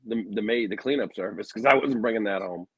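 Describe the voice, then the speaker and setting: A man's voice: on the low side, fast talker, a crowd in the background. A man throwing teasing, jokey remarks into a casual chat.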